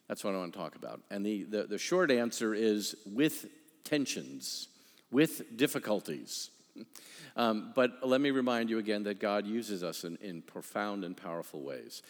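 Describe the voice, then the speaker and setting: A man preaching a sermon, telling a story with halting restarts and wry asides. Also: lowish voice. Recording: long reverb of a hall.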